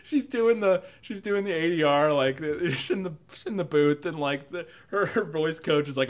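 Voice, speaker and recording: A young man co-hosting a casual movie review podcast, animated and swearing, often laughing as he talks. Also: fairly high pitch, moderate pace, few pauses. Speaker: podcast co-host.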